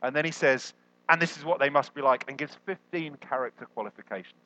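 A man preaching a sermon as a guest, animated and jokey, jumping up in pitch when he quotes people. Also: a little fast, highs cut off. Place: church hall.

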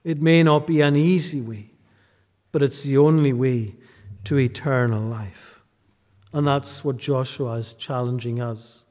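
A man preaching a sermon, drawing out key phrases and dropping to a hush at the ends of lines. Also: mid-range voice, a little slow, big-room sound. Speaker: pastor.

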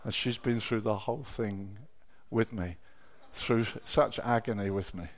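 A middle-aged man preaching a sermon, telling personal stories with emotion, dropping to a hush and then rising to loud exclamations. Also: lowish voice, a little slow. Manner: emotional, swings from hushed storytelling to loud exclamation.

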